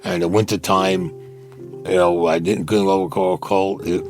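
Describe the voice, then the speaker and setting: Gruff older New man. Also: low-pitched, flat delivery, unhurried, music in the background. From Brooklyn, New York. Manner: gruff, blunt street talk, acts out dialogue. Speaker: interviewee, Vietnam veteran. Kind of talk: storytelling interview.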